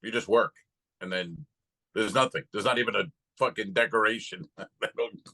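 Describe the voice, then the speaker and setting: A man's voice: lowish voice, moderate pace, bright, forceful tone, poor audio. A man co-hosting a comedy podcast, chatting casually and telling profane, loose stories with acted-out quotes. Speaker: podcast co-host.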